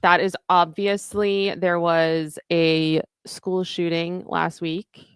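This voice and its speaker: A woman's voice: on the low side, flat delivery, slow pace, smooth, no room sound, studio quality. A woman co-hosting a podcast, talking casually and plainly in an earnest, direct way. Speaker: podcast co-host.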